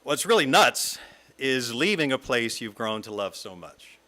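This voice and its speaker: A middle-aged man from the American South, a guest speaker giving a reflective talk read from a script in a lyrical, measured way. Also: mid-range voice, sing-song, bright, forceful tone. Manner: lyrical, measured reading with long lists. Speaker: guest speaker at a fellowship service.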